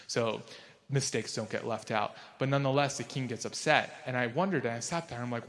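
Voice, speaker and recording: A man's voice: brisk, a bit bright. Chatty male pastor in a reverberant hall. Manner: casual and chatty, with many fillers like "like"; jumps up in pitch and volume for emphasis and quotes. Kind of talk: conversational sermon.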